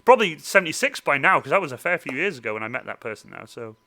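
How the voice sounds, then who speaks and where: A man in his twenties hosting a live stream, excitable and giggly, often tripping over his words. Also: mid-range voice, rapid-fire. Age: 20s. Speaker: stream host. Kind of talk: casual livestream chat.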